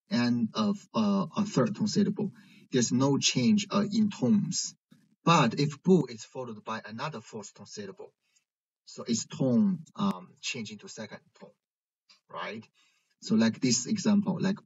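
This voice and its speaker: A man teaching a language lesson, explaining slowly and checking in with "right?". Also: medium pitch, a little mellow, slightly rough. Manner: slow, careful explaining with frequent "right?" checks. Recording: dull lo-fi recording.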